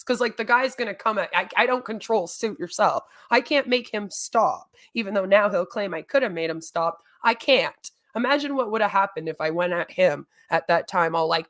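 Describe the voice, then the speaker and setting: A woman's voice: medium pitch, normal speed, hardly any pauses, fairly bright tone. A woman streamer ranting in a long, rambling monologue, exasperated and swearing often.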